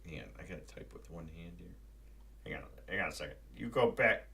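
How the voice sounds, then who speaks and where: Profane ranting man, lively pitch. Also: quick pace, gravelly. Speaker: livestream host. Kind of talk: casual live-stream movie rant.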